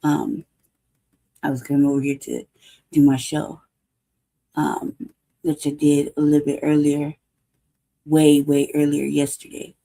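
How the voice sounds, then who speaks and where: A woman's voice: sits low, measured pace, creaky, long pauses, warm tone. A woman in her forties hosting a casual livestream, telling a rambling story full of laughter and profanity. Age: 40s. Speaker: livestream show host.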